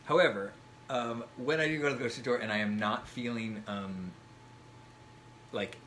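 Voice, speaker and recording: A man in his forties, a guest in a casual chat, talking reflectively with halting restarts. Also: medium pitch, a bit bright, slight background noise.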